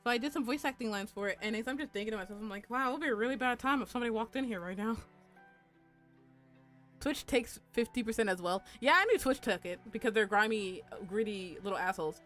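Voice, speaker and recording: Young woman, casual stream chat, crude and giggly, slightly high voice, faint music behind. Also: fast, fairly bright tone. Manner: chatty and crude, with frequent laughs and squeals. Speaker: VTuber streamer and artist. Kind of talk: casual live-stream chat while drawing.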